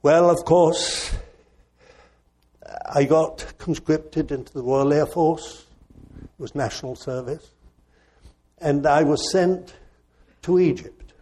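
An older man, a preacher, telling a personal story in a reflective, gently self-mocking way. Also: a little high, slow, long pauses, husky. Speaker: preacher and former missionary.

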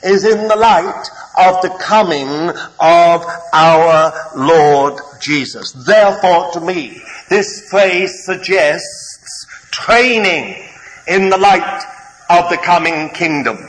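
High-voiced, slow preacher. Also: male voice. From Britain. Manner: deliberate, halting with many fillers, gently humorous. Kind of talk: sermon. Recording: reverberant hall, faint background noise.

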